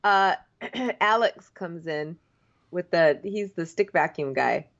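A woman's voice: on the low side, lively intonation, slow, a bit bright, lo-fi sound. A woman co-hosting a casual chat, giving blunt, exasperated opinions. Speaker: podcast co-host. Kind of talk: casual chat recapping a TV show.

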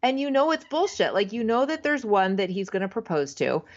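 A woman's voice: mid-range voice, animated, a little fast, lo-fi sound. A woman co-hosting a casual chat, wry and rambling. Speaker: podcast co-host.

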